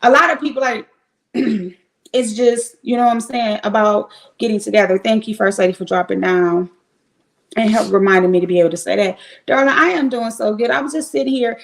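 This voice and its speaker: Here a woman's fairly high, creaky voice comes through poor audio as she speaks fairly quickly. She's streaming live from home in Cleveland with a home setup, casually and candidly rambling to viewers with the occasional swear word.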